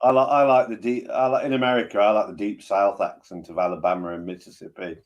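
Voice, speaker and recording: A man's voice: lowish voice, fairly even intonation, fast talker, muffled recording. Chatty teasing man. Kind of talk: casual chat.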